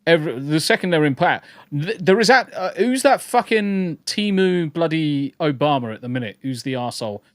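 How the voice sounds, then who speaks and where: A man's voice: a little high, animated, a little fast, few pauses, dry recording. Sweary blunt man ranting. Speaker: podcast host. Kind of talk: casual podcast chat reading live chat.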